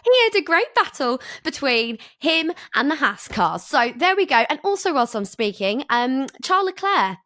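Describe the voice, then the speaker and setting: A woman's voice: high voice, big pitch swings, moderate pace, hardly any pauses, a bit bright, no echo, studio quality. A woman co-hosting a podcast, talking in a direct, teasing, conversational way. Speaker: podcast co-host. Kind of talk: casual chat.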